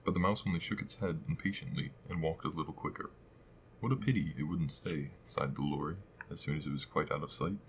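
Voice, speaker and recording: Male audiobook narrator, very deep, measured, storybook reading. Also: a bit bright, a little hiss or hum, poor audio. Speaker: audiobook reader.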